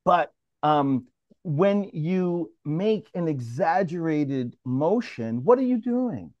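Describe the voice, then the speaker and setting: Hombre moderando una mesa redonda. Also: male voice, on the high side, slow pace, no echo, highs cut off. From New York. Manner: animated, restarts often, calls on others. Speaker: mediator leading a roundtable. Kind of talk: casual discussion, moderating.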